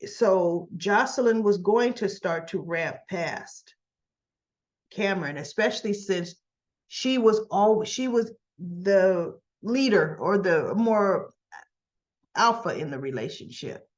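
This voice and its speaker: A woman talks through a soap opera episode in a loose, chatty way, jumping up in pitch to act out the characters' lines. The audio is a little dull and lo-fi. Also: slow. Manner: animated, acts out characters' lines in raised voice. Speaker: soap opera recap host. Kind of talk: casual recap chat.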